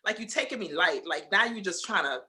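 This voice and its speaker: A woman's voice: medium pitch, expressive, fairly quick, bright, forceful tone. A woman telling a personal story in casual podcast chat, blunt and full of profanity. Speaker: podcast guest.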